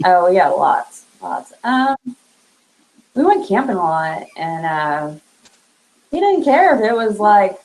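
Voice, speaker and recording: A woman, a guest on a live podcast, talking casually and softly, trailing off with fillers and little laughs. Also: mid-range voice, very animated, slow, pauses often, low-quality recording. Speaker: interview guest. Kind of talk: casual remembrance chat.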